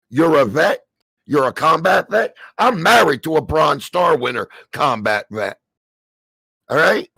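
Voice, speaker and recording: A middle-aged man with a New Jersey accent, delivering a heated, profanity-filled rant on a stream, stammering and shouting as he goes. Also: on the high side, sing-song, unhurried, creaky, slightly rough, no echo. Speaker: stream co-host. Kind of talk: angry ranting commentary.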